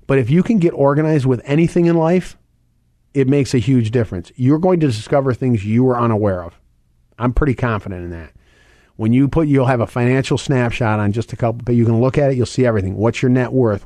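A middle-aged man hosts a financial radio segment in a warm, mellow voice. He talks quickly and circles back to repeat his main points. The recording is dry and close, with no room sound around him. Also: mid-range voice, no echo. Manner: fast, conversational, repeats points and phone numbers. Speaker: financial radio show host.

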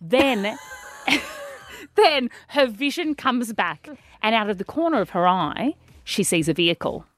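A woman co-hosting a podcast, telling a story in a dramatic, animated way with frequent laughter. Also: a little high, slow. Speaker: podcast co-host. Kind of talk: casual chat, storytelling.

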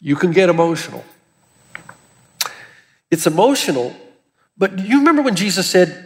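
Male pastor, high voice, earnest emphatic preaching, long hall reverb. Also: big pitch swings, normal speed, long pauses. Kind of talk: sermon.

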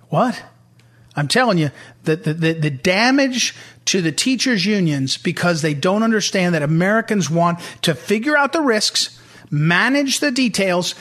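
A man's voice: sits high, fairly bright tone. A middle-aged man hosting a political talk radio show, emphatic and repetitive as he hammers his points home.

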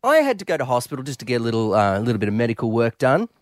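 A man's voice: medium pitch, very fast, no echo, studio quality. A man co-hosting breakfast radio, telling jokey stories. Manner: animated, jokey storytelling. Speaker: radio co-host. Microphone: studio microphone.

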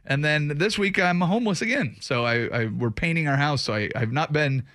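A man's voice: fairly high pitch, lively intonation, a little fast, a bit bright, no room sound. Radio host guy chatting away, bouncy voice, dry close mic. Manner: rambling, chatty storyteller. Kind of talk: casual radio banter.

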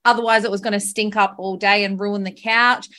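Brief: woman, podcast host, candid and emotional storyteller, mid pitch. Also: steady tone, a little fast, sharp tone. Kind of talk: casual podcast chat.

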